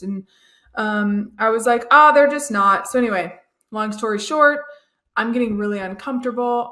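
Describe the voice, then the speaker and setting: A young woman, chatting in a relaxed way about a personal story, often laughing. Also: mid-range voice. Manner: chatty, laughs often, acts out quoted voices. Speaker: guest, new mom. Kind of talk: casual storytelling.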